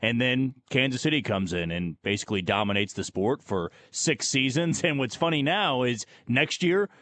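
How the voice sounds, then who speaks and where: A man's voice: medium pitch, animated, normal speed, fairly bright tone, dry recording. A man co-hosting a sports radio show in casual chat, talking emphatically and agreeing with his partner. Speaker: radio co-host.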